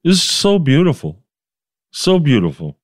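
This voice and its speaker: Animated man, lively storytelling voice. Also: a little high, a little slow. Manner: emphatic, quotes others in dialogue, many restarts. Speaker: street preacher.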